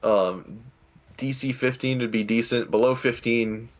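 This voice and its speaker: A man's voice: medium pitch, steady tone, a little slow, a crowd in the background. A man narrating as game master of a tabletop game, hesitant with restarts. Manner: hesitant, many fillers and restarts.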